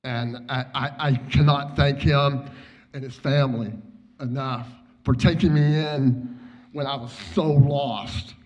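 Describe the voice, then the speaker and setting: A man giving a memorial eulogy for a friend. He speaks haltingly, repeats his words, and his voice trails off quietly as he grieves. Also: mid-range voice, fairly even intonation. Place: church memorial service. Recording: dull, muffled lo-fi recording.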